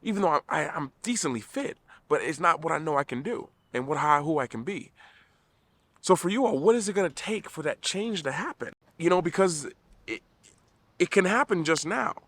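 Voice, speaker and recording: Male vlogger, middle-aged, slightly high voice, emphatic motivational delivery to camera. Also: animated, moderate pace, fairly bright tone, no echo. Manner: earnest, repetitive restarts, emphatic.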